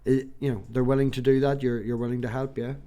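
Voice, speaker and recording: A man's voice: medium pitch, level tone, fast talker, warm tone. A man hosting a casual online chat, talking in an encouraging, rambling way. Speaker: host. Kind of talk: casual video-call chat.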